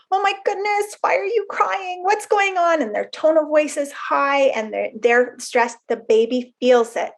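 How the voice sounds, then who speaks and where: A woman with a fairly high voice talks through a webinar topic. She explains ideas earnestly and slips in casual, conversational asides as she goes. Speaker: webinar presenter.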